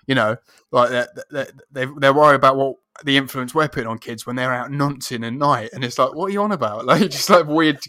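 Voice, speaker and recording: A man's voice: mid-range voice, a little fast, hardly any pauses, sharp tone, no echo, studio quality. A man, co-hosting a film podcast, talking in a rambling, sweary, laughing way. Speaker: podcast co-host. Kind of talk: casual chat.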